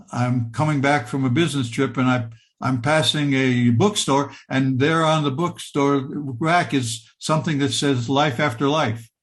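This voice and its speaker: An older man earnestly telling a personal story, acting out bits of dialogue. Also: medium pitch. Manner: earnest, repetitive, acts out dialogue. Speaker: speaker sharing a near-death experience.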